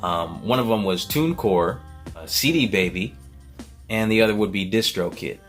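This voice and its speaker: A man's voice: lowish voice, moderate pace, a bit bright, faint music behind. A man vlogging in a casual, earnest way, thinking aloud with many fillers and restarts. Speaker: vlogger, beat maker.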